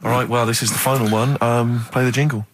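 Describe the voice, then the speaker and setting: A man's voice: medium pitch, level tone, quick pace. A man co-hosting a comedy radio show, acting mock-stern as he pushes for a story to be finished. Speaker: radio co-host. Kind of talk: comic radio banter.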